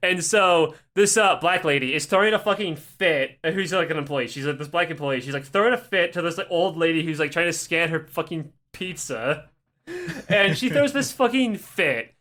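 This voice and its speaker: A man co-hosting a podcast, telling a rambling, profane, animated anecdote in casual chat. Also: on the high side, normal speed. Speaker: podcast co-host. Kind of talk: casual comedic storytelling.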